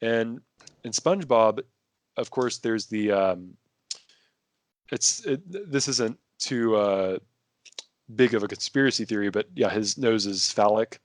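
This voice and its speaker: Low-voiced man rambling in casual chat. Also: a little slow, long pauses, no echo. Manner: rambling, many restarts and fillers. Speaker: podcast guest. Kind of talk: casual conversation.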